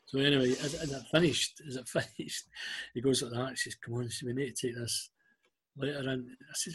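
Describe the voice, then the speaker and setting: Scottish man telling lively anecdotes. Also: medium pitch, a little fast, breathy edge. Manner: animated anecdotes, acting out quoted voices. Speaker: guest. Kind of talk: casual storytelling.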